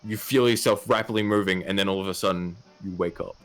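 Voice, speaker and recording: A man narrating a tabletop role-playing game as game master, halting with many fillers and restarts. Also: low voice, fairly even intonation, soft background music.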